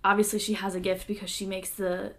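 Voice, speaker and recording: A young woman co-hosting a podcast, weighing her points in a measured, thoughtful way. Her voice carries a strong gravelly fry. She speaks at a middle pitch in relaxed conversation. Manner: thoughtful, measured, hedging opinions. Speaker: podcast co-host. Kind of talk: casual chat.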